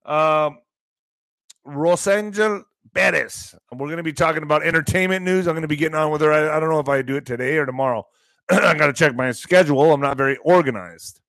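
A male host of a live online commentary show, talking in a rambling, excitable way that sometimes bursts into shouting. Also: on the high side, brisk, no room sound.

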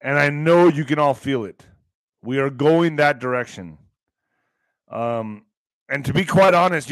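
A male host of a live online commentary show, talking in a rambling, excitable way that sometimes bursts into shouting. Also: medium pitch, unhurried, long pauses, no echo.

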